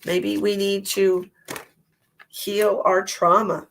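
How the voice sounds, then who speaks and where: A woman's voice: mid-range voice, level tone, slow pace, creaky, a bit bright. A woman hosting a psychic livestream, giving tarot readings and chatting casually with viewers, with a stuffy nose from allergies. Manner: chatty, rambling, laughs at herself.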